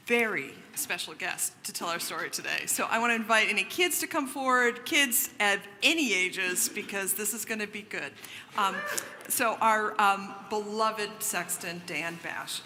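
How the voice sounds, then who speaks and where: A woman's voice: mid-range voice, normal speed, bright, forceful tone. A woman minister leading a worship service and introducing the children's story in an informal, friendly way. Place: large church sanctuary. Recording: reverberant church hall with noise.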